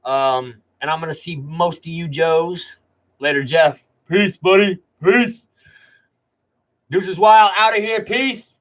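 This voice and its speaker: Male live-stream host with a raised pitch; easygoing, rambling, chatty delivery. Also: slow, a bit bright, poor audio. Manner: rambling, laid-back, chatty. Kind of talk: casual live-stream chat.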